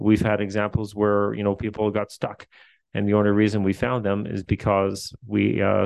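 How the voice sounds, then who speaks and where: Gravelly Newfoundland man, low and flat. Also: dry recording. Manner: hesitant, many fillers and restarts. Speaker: facilities administrator. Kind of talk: answering questions at a meeting.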